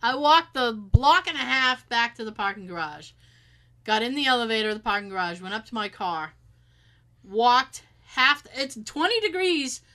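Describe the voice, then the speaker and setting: Woman, bright high voice, animated, swears, acts out quotes. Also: moderate pace. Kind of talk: casual storytelling chat.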